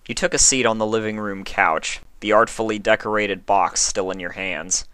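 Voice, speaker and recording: Casting: a low-voiced male narrator with a bright, forceful tone, reading calmly. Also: moderate pace, clear, resonant tone, no room sound. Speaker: story reader. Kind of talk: audiobook narration.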